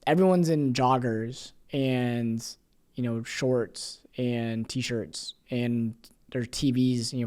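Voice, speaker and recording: A young man hosting a podcast, telling a story in a casual monologue, animated, acting out quoted voices between many fillers. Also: medium pitch. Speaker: podcast host.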